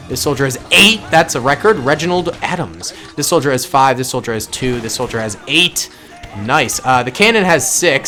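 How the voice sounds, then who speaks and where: A man from suburban Massachusetts giving casual gameplay commentary, chatty and thinking aloud with quick reactions and self-corrections. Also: medium pitch, fairly bright tone. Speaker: gaming channel host.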